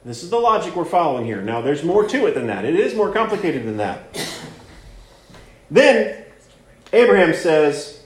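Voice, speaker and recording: A man's voice: on the high side, very animated, normal speed, long pauses. A man preaching a sermon that teaches through a Bible passage, earnest, repeating words and leaning on fillers as he explains. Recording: roomy echo.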